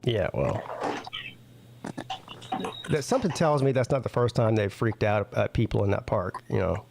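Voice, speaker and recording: Man co-hosting, quick to laugh, casual, easygoing. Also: lowish voice, expressive, gravelly, noisy background. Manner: laughs along, chimes in with quick remarks. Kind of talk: casual chat.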